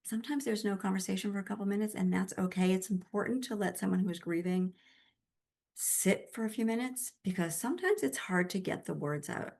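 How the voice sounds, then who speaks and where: A woman grief support specialist answering interview questions in an emphatic, gentle, conversational way. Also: medium pitch, a little fast, gravelly.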